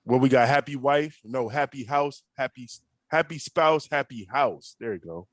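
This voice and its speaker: A man with a middle-pitched voice co-hosts a podcast chat. He jokes around and repeats the host's lines back. The recording is dry and close. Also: normal speed. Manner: joking, echoes the host. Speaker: podcast co-host. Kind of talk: casual chat.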